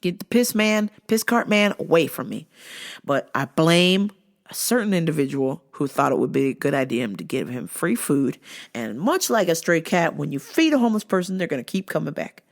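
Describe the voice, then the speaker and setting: A woman vlogger rants through a story with a low, gravelly voice. She swears freely and sounds thoroughly exasperated. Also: animated, moderate pace. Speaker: vlog host and store worker. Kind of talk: casual vlog rant.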